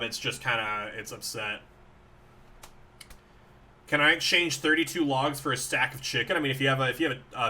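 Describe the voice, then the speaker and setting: A man's voice: mid-range voice, pushed and bright. A young man streaming a video game live, chatting with viewers and cheering on his creature with fillers and playful coaxing.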